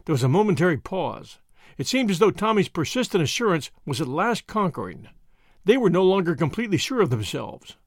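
Expressive male audiobook narrator. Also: sits high, a little fast, no echo, clean studio sound. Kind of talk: scripted narration.

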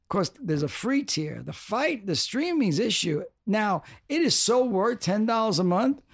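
An older man, a music executive, in a casual interview, talking in halting bursts that repeat words. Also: high-pitched, sing-song.

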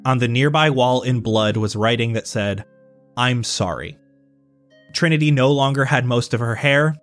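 A man narrating as game master, steady and descriptive. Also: medium pitch, normal speed, soft background music.

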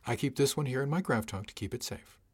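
A man's voice: mid-range voice, fast, husky, lightly acted. A man voicing a cheerfully oblivious, clumsy male cargo chief who answers in a mild, breezy, blithely reasonable way.

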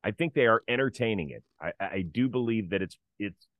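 A man's voice: lowish voice, lively intonation, a little fast, no echo, narrow, tinny audio. A middle-aged man hosting a casual sports talk show, leading the conversation and setting up topics. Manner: conversational, leads the segments. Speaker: podcast host.

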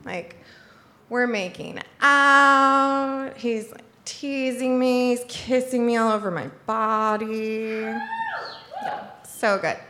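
A woman's voice: on the high side, slow, sharp tone, slight background noise. A young woman telling a comic personal story to an audience, chatty and full of "like", laughing as she goes. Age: young adult.

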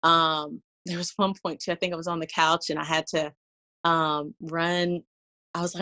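Animated woman telling a personal story. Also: sits low, moderate pace. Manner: animated, laughing, acts out her own past lines. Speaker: guest telling her birth story. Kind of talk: casual conversational storytelling.

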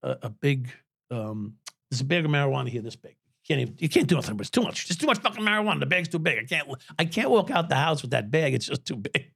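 Man, 60s, ex-cop guest: gravelly, lively, foul-mouthed storyteller. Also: fairly high pitch, quick pace, no room sound, clean studio sound. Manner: animated, swears freely, laughs at his own stories. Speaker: podcast guest, former police officer. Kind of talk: profane storytelling in an interview.

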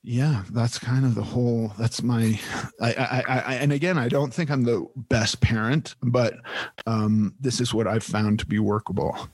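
A man's voice: medium pitch, fairly even intonation, normal speed, darkish tone, husky, dry recording. Man, podcast host, candid casual delivery, swears freely, dry close sound.

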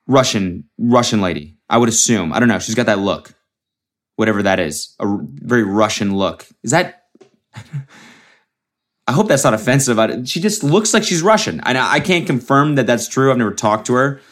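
A man's voice: mid-range voice, big pitch swings, moderate pace, fairly bright tone. A young man hosting a solo comedy podcast, rambling and swearing freely, often restarting his sentences. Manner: rambling and profane, with frequent restarts. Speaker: podcast host.

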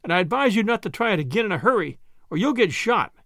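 A man voicing a dry-witted young farm boy, speaking briskly. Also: sits high, big pitch swings, fairly bright tone, dry recording, full character voice.

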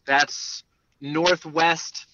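A man from New Jersey, a baseball reporter joining a podcast by phone from his car, chatting in a joking, halting way. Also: fairly high pitch, flat delivery, pushed and bright, dull audio. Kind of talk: casual podcast chat. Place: in a car, driving.

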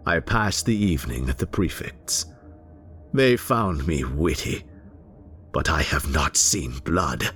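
A male narrator giving a theatrical first-person story reading, lingering on words and dropping into hushed whispers. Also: extremely low pitch, expressive, slow, slight background noise.

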